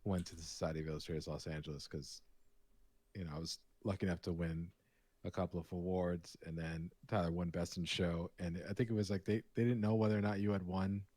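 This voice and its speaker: A man co-hosting a live painting stream, chatting casually and telling rambling, animated stories. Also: low-pitched, brisk, no room sound. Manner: rambling, animated storytelling with restarts. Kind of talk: casual chat.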